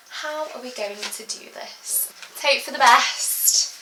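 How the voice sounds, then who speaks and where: A young woman chatting casually through a haul video, rambling and filling pauses as she goes. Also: fairly high pitch, pushed and bright, slight background noise. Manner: chatty and rambling, full of giggles and fillers. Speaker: beauty vlogger. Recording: echoey room.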